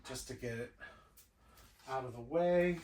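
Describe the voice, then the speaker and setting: In a cluttered indoor toy room, a man who vlogs about his toy collection unpacks boxes and talks to himself in a slow, musing way. His medium-pitched voice is a little mellow, with a touch of hiss or hum. The echoey recording comes from a distant mic.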